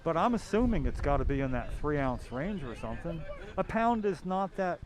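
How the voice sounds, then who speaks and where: A man's voice: fairly high pitch, sing-song, a little fast. A man hosting a podcast, rambling casually and chuckling as he talks. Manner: rambling, chuckling, restarts often. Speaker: podcast host. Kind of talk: casual chat.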